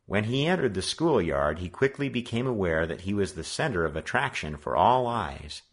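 Guy reading an audiobook, deep voice, kinda husky. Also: very animated, moderate pace. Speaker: audiobook reader. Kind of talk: read-aloud narration.

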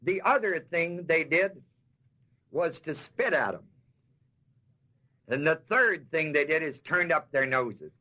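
With a fairly high, animated voice that's pushed and bright, a man teaches from a Bible passage in an expository sermon. Folksy and emphatic, he stretches key words and quizzes the audience; the recording is a dull lo-fi sermon tape.

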